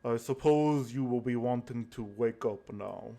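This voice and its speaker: A man voicing Death, a calm, aloof male keeper of souls who speaks low, quiet and measured, with slow pacing. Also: creaky. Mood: solemn.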